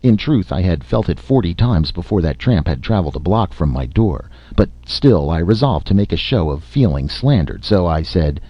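A man narrating a story aloud in an expressive, dramatic reading style. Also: sits low, normal speed, few pauses, no room sound. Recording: slightly muffled lo-fi recording.

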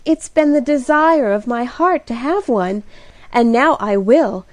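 A woman's voice: on the high side, lively intonation, measured pace, a little mellow, dry recording. A woman voicing an eager, impulsive young woman in an audiobook reading, speaking in a breathless, gushing and emphatic way. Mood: excited.

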